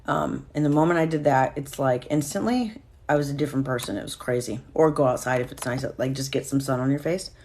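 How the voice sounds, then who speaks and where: Low-voiced woman hosting a casual live stream. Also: a little fast, a little mellow, slight background noise. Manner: candid, swears freely, reads viewer comments aloud.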